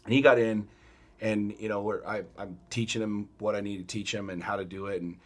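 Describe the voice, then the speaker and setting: Blunt, fast-talking man, low voice. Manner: blunt, profane, animated storytelling. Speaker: podcast co-host. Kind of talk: casual chat.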